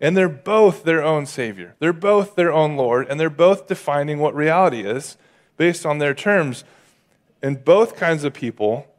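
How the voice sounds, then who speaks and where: A male pastor from the Pacific Northwest delivering a casual, animated sermon, acting out the voices of the people he describes. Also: mid-range voice. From Northern California or Oregon.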